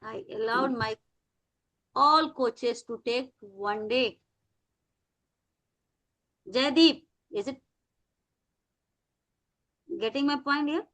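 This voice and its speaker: A woman teaching an English class over a video call, in Indian English, mixing Hindi with English and stretching words out slowly for her students. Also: high voice, a bit bright.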